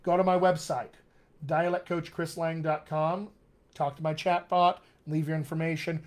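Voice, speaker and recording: Guy coaching on a live stream, chatty and upbeat, voice sits a bit high. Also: flat delivery, moderate pace. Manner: upbeat and encouraging, reads out viewer comments. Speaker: dialect coach hosting a live Q&A. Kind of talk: casual live-stream chat.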